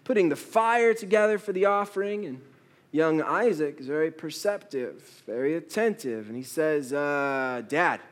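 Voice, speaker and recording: A man's voice: fairly high pitch, expressive, normal speed. A male pastor preaching a sermon, telling stories with playful quoted asides.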